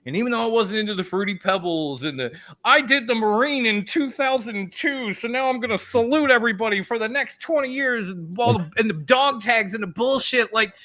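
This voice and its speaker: A man's voice: sits high, fairly bright tone. A man co-hosting a wrestling podcast, ranting with lots of cursing and mock voices in a casual debate. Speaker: podcast co-host. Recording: online stream.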